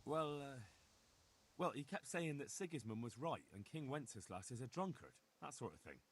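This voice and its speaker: An actor voicing a hesitant young villager in a video game. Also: male voice, medium pitch, sing-song, moderate pace, husky. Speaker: game character.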